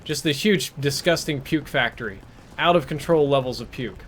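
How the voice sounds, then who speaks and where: A man's voice: medium pitch, moderate pace, a bit bright, a little hiss or hum. A male game streamer casually telling a rambling, crude, self-mocking story while he plays, on a headset mic.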